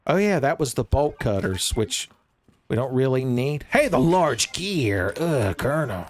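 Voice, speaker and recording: A man's voice: mid-range voice, measured pace. Jokey man doing game commentary. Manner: jokey, rambling, excitable outbursts. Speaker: gaming streamer. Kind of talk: let's-play commentary.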